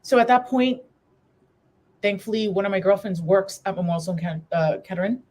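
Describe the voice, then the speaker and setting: A woman's voice: mid-range voice, steady tone, a little fast, darkish tone. A woman guest in a live interview, telling a personal story in an earnest, candid way and acting out past conversations. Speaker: guest, breast cancer survivor and coach.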